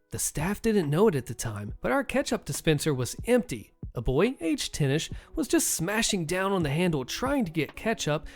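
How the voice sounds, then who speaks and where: Animated male storyteller, gravelly, wry asides, faint music behind. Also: high voice. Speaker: podcast host reading stories. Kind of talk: storytelling narration with casual commentary.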